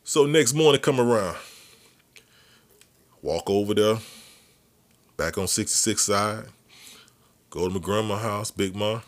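Guy hosting a podcast, low-key slangy storytelling, lowish voice. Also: unhurried, pauses often. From Miami, Florida. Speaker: podcast host. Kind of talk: casual storytelling.

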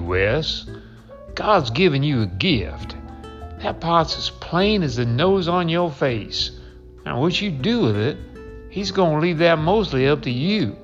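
A man voicing a folksy preaching baseball coach. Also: on the high side. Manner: calm, homespun, sermonizing. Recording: dull lo-fi with faint music.

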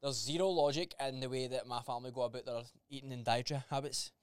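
A young man talks quickly in a blunt podcast chat, swearing freely and acting out old conversations. His voice is smooth and clear. The sound is dry and close. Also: medium pitch, fairly even intonation, dry recording. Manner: blunt, swears freely, acts out quoted dialogue. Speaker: podcast co-host. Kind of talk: casual chat.

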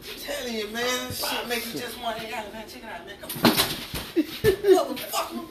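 A man's voice: extremely high pitch, fairly quick. A man trading profane, laughing stories with coworkers about work at a bus depot. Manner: animated, profane, laughing storyteller. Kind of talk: casual banter among coworkers. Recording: echoey room, distant mic, background noise.

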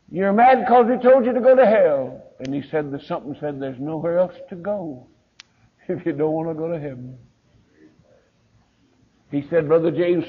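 A pastor with a Southern US accent, telling a story in a sermon and acting out the voices of the people in it, heard on a dull lo-fi recording. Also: male voice, on the high side, breathy edge. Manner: folksy preacher, acts out quoted voices.

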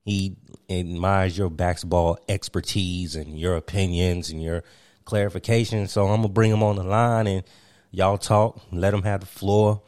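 Laid-back deep-voiced male host. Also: steady tone, normal speed, darkish tone, clear, resonant tone, no room sound, clean studio sound. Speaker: podcast host. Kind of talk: casual comedic intro.

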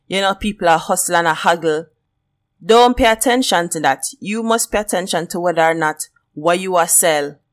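A woman from Jamaica with a Jamaican accent hosting a solo podcast, talking casually and lively and slipping into patois. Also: lowish voice. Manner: lively, switches into patois, laughs often. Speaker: podcast host.

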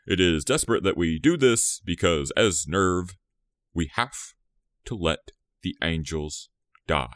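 A man's voice: low voice, lively intonation, slow pace, fairly bright tone, dry recording, clean studio sound. A man in casual podcast chat, rambling and laughing often, trailing off mid-thought.

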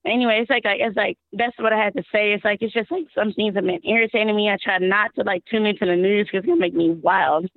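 A woman from Texas calling into a show, her voice hoarse and worn out, rambling and exasperated with frequent laughs. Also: mid-range voice, fast talker, dry recording. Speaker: caller. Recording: tinny phone line.

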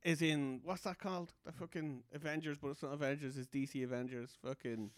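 A man's voice: a little high, fairly even intonation, brisk, no echo. A man in casual chat who rambles, swears and trails off.

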